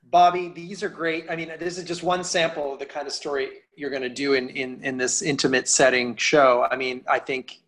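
A man's voice: medium pitch, flat delivery, moderate pace, hardly any pauses, fairly bright tone. A man hosting an interview, enthusiastic and rambling through his questions. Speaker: host.

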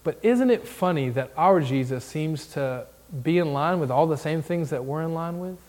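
Male preacher, Southern accent, slightly high voice, emphatic sermon delivery. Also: lively intonation, moderate pace, darkish tone. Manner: emphatic, building lists with rising force. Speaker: pastor candidate preaching.

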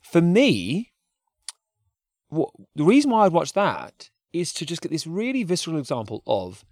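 Animated male podcast co-host. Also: fairly high pitch, moderate pace, no echo, studio quality. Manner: animated, laughing, rambling. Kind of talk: casual chat.

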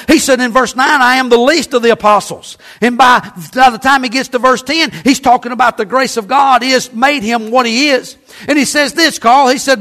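An older man preaching from the pulpit with a strikingly high voice. He leans into call-and-response with the congregation, stretching out his emphatic lines. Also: fairly even intonation, normal speed, sharp tone. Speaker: pastor. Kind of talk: sermon.

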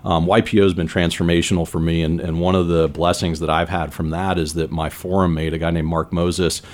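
Man, 40s, from San Diego, very deep voice, earnest rambling interview guest. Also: flat delivery, fairly quick. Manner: earnest, rambling with many "you know" fillers. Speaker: business leader guest. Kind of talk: conversational interview storytelling.

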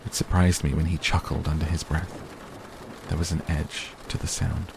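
Low gravelly guy reading a novel, steady, rain sounds behind. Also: normal speed, noisy background. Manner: steady, first-person narration. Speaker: audiobook reader.

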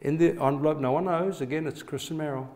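A man's voice: on the high side, fairly even intonation, quick pace, a little mellow. A middle-aged man, a pastor preaching a sermon and telling personal stories, often turning to ask the congregation to respond. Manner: personal storytelling, asks the audience to respond.

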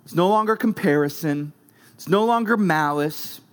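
A man's voice: on the high side, normal speed, smooth. A man preaching a sermon as pastor, emphatic, driving points home with short repeated phrases.

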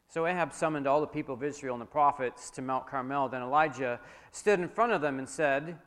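A man's voice: medium pitch, animated, a little fast. A male pastor giving a sermon, reading scripture aloud dramatically in a church hall. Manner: dramatic reading, dropping soft for prayer. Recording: long hall reverb.

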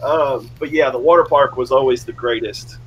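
A middle-aged man hosting an interview, a former player himself, telling stories with animated, high-voiced quotes. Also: moderate pace, husky, low-quality recording. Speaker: podcast host, former player. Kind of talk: casual interview.

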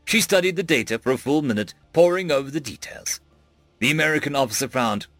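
A man narrating a sci-fi audiobook with expressive storytelling. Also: medium pitch, fast talker, no room sound, faint music behind.

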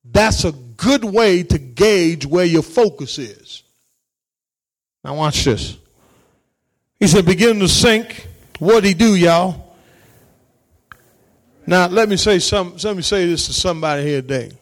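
A man preaching as a pastor, calling out to his congregation and swinging between shouted lines and quiet asides. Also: high-pitched, expressive, slow pace, pauses often. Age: adult, married parent. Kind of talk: sermon.

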